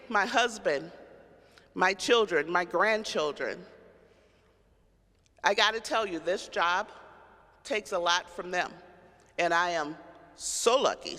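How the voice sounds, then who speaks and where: A woman's voice: fairly low pitch, pushed and bright. A middle-aged woman, a county sheriff, giving a candid personal storytelling speech and acting out the voices she quotes. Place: large cathedral. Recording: long hall reverb.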